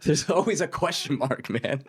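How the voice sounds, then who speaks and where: A man's voice: on the high side, expressive, normal speed, husky, no room sound, clean studio sound. A man in casual podcast chat, laid-back, laughing often and trailing off mid-thought. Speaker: podcast co-host.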